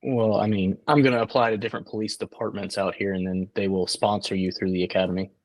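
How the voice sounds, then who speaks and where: Laid-back lower-voiced man. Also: little pitch movement, fast talker, darkish tone, no room sound. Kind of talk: casual chat.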